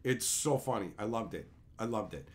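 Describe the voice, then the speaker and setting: A man's voice: lowish voice, animated, moderate pace. A man streaming live, chatting casually with his chat and ranting with repeated, profane phrases. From Canada.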